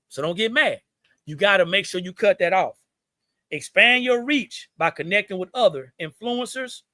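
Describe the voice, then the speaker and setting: A man's voice: high voice, pushed and bright, dry recording, clean studio sound. A man with a Southern US accent, a business owner giving folksy, preachy advice to viewers on a live stream. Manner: preachy and folksy, repeats points, addresses viewers as y'all.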